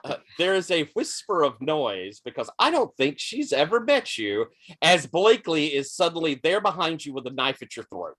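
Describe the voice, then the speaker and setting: A man's voice: on the high side, very animated, normal speed, few pauses, fairly bright tone. A man running a tabletop role-playing game, describing scenes and asking players what they do. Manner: descriptive, conversational narration. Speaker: game master.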